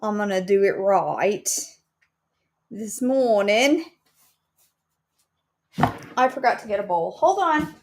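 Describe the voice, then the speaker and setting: A woman's voice: mid-range voice, animated, slow pace, pauses often. A woman hosting a casual live cooking show from her home kitchen, chatting playfully with her viewers. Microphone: camera on a counter.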